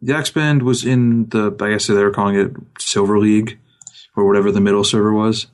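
A man's voice: fairly low pitch, fairly even intonation, fairly quick. Wry man chatting casually about gaming. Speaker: podcast co-host.

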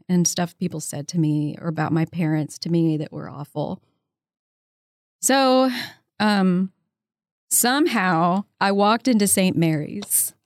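A woman's voice: lowish voice, no echo. Chatty woman in her fifties, dry sound. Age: 50s. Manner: animated storyteller who acts out quoted people; chatty, with frequent "um" and "you know". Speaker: interview guest. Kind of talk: casual storytelling in an interview.

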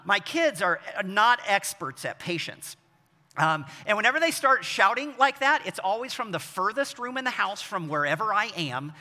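A man in his forties preaching a sermon as pastor, telling self-deprecating stories with animated delivery. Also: sits high. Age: 40s. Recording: long echo of a large hall.

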